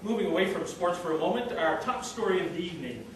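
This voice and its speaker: A man's voice: high voice, expressive, fast talker, noisy background. A man with a Canadian accent improvising as a mock-serious news anchor. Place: theatre stage with live audience. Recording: echoey stage recorded from far off.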